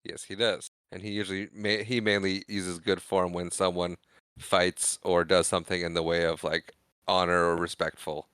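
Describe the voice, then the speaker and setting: A man's voice: sits low, flat delivery, moderate pace, fairly bright tone, clean tone, no room sound. A man co-hosting a casual movie podcast, mostly adding short agreeing remarks. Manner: short agreeing asides, laid-back. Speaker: podcast co-host.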